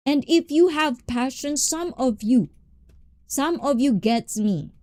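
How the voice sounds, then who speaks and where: A woman hosting a live stream, chatting with viewers in an animated, passionate way and switching between English and Tagalog. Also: high voice, slow pace, no room sound. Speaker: livestream host.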